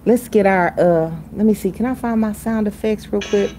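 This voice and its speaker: A woman livestreaming who improvises a freestyle song with drawn-out sing-song repetitions, then chats casually. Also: medium pitch, dark tone, a little hiss or hum, poor audio. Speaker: livestream host.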